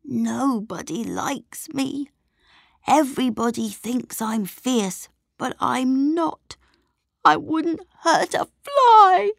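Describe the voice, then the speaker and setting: A woman voicing a lonely, timid male monster who talks quietly through tears. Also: high voice, sing-song, slow pace, creaky, no room sound, studio quality, pitched above the performer's own voice, heavily acted. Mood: timid, sobbing.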